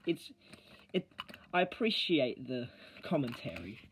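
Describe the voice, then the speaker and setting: A narrator voicing a cheerful, chatty male engine who talks loudly. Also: mid-range voice, very animated, unhurried, a little hiss or hum, poor audio. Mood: friendly.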